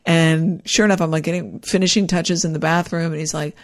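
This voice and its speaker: A woman casually telling a personal story, animated and rambling, with frequent restarts. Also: low voice, fairly quick. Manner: animated, acts out quoted dialogue.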